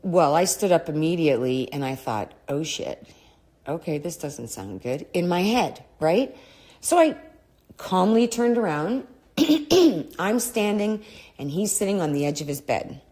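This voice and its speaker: A middle-aged woman hosting a podcast, telling a personal story in a candid, blunt way, swearing often and drifting off topic, with a throat she keeps clearing. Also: lowish voice, lively intonation, unhurried, darkish tone. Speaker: podcast host.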